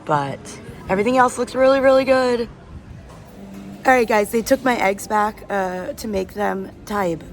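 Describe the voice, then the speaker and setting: A woman's voice: on the high side, lively intonation, moderate pace. Chatty woman vlogging on the go. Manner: chatty, enthusiastic food commentary. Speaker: travel vlogger. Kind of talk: casual vlog narration to camera. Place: outdoors and in cafes, on the move. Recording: background noise from street and traffic.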